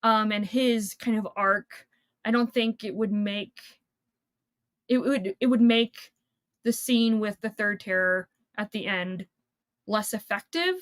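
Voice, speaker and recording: A woman's voice: mid-range voice, steady tone, slow, dry recording, studio quality. A woman hosting a casual book chat over a video call, rambling and chatty with lots of fillers. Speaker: book channel host.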